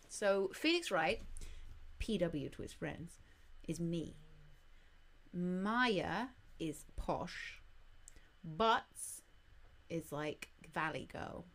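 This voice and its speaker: A woman's voice: lowish voice, a little hiss or hum. A woman streamer chatting casually and swearing freely while she plays through a video game.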